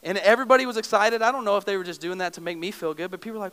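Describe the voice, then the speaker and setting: A man's voice: high voice, racing, a bit bright, clear, resonant tone. A young adult male pastor preaching a sermon, emotive and storytelling with self-deprecating humor. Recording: long reverb of a large hall.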